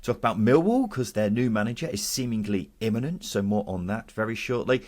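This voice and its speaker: A man's voice: on the low side, fairly quick, a little mellow. A man from England hosting a casual football podcast, upbeat and jokey as he leads the chat and reads out listener comments. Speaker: podcast host.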